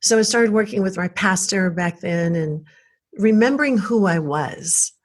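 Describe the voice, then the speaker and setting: A woman's voice: medium pitch, unhurried. A woman from South Texas, an interview guest, telling a personal story in an earnest, emotional and reflective way.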